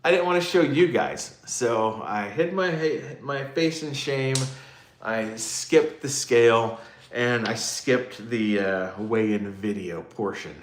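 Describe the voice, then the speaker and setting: Man, livestream host, casual rambling chat, self-deprecating, mid-pitched voice, echoey room. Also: slow. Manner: rambling, self-mocking, chatty with live comments.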